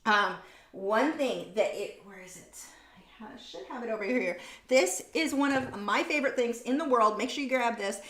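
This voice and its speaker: A woman chats casually while hosting a painting livestream from her home studio. Her voice sits a little high and rings in a roomy space. She rambles and corrects herself mid-sentence. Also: lively intonation, normal speed, a bit bright. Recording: roomy room sound.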